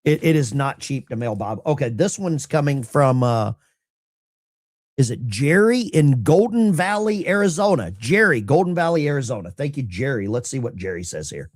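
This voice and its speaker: A man's voice: mid-range voice, sing-song, moderate pace, dry recording, clean studio sound. A middle-aged man, a veteran, hosting a casual livestream and reading viewer mail in a blunt, salty, self-mocking way.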